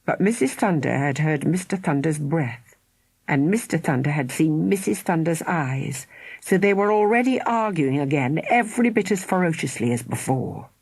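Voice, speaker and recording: A woman narrating a children's audiobook in an expressive storytelling way, with dramatic pauses. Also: deep voice, husky, no echo. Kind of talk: scripted narration.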